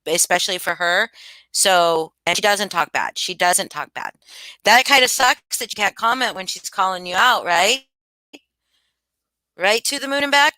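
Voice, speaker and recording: A woman's voice: mid-range voice, pushed and bright, no room sound, poor audio. A middle-aged woman from the United States hosting a casual livestream, chatting loosely and answering her chat with many restarts. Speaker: livestream host.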